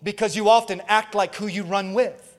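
High-voiced preaching pastor in a hall. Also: male voice, steady tone, normal speed. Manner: emphatic preaching with call-and-response asides. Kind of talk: sermon. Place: church auditorium.

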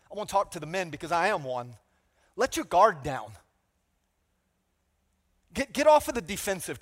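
A man preaching a sermon as pastor, energetic and playful, calling out to the congregation for responses. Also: high voice, long reverb tail.

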